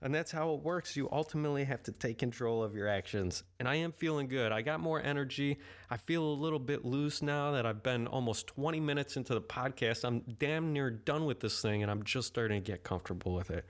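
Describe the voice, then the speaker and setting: Male solo podcaster, mid-pitched, candid and rambling. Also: brisk, few pauses. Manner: rambling, candid, self-deprecating. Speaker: podcast host. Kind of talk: casual solo podcast monologue.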